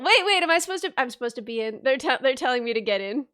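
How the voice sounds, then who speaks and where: Playful high-voiced woman streamer. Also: animated, brisk, few pauses, fairly bright tone, no echo, studio quality. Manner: playful, drops articles jokingly. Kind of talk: casual chat. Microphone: desk mic at computer.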